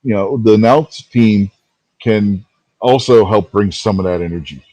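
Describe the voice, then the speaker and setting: A man with a lowish, mellow voice co-hosts a casual wrestling chat. He rambles through his thoughts, restarts his sentences and laughs easily. The sound is dry and close. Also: unhurried, dry recording, low-quality recording. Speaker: podcast co-host.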